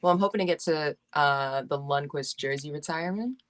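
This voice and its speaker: A woman with a low, deep-set voice talks in a loose, brash way. She swears freely and laughs often while trading jokes in a casual podcast chat. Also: a little fast, a loud crowd. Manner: brash, profane, laughing trash talk. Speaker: podcast guest.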